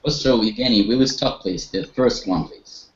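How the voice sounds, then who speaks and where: A man's voice: mid-range voice, moderate pace, slight background noise. A man teaching an online group English lesson, encouraging his students and leading them with questions, with some hesitations. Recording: echoey, dull online-call audio.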